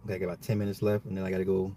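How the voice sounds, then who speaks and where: This adult father runs a solo social commentary podcast, talking straight to his audience in an emphatic, repetitive way. His voice is low, monotone and mellow, and he speaks very fast over slight background noise.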